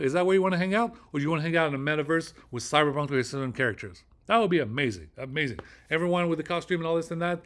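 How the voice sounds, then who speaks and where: Rambling man with a raised pitch. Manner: rambling, filler-heavy, repeats phrases for emphasis. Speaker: channel host. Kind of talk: casual vlog monologue.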